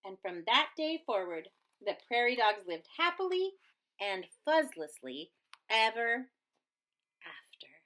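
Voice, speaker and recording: A woman teacher reading a picture book aloud to her class with an expressive storybook delivery. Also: a little high, slow pace.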